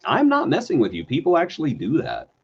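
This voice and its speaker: A man's voice: fairly high pitch, wildly swooping pitch, quick pace, gravelly, a little hiss or hum. A man with a Texas accent hosting a podcast in casual, joking chat. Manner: jokey, slips into funny voices. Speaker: podcast host. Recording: dull lo-fi sound.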